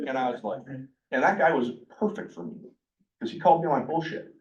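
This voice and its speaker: A man speaking casually to a workshop group about recovery, blunt and animated, sometimes acting out the things people said to him. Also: mid-range voice, fairly quick, distant mic, rough recording. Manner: blunt, animated, acts out his own quoted dialogue. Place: meeting room with a live group.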